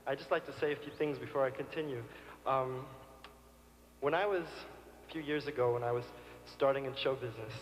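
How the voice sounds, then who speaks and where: A man's voice: medium pitch, fairly even intonation, fairly quick, long pauses, a little hiss or hum. A man performing live on stage, coaxing the audience into a sing-along with a childlike manner. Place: large concert hall stage. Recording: live concert hall recording with long reverb.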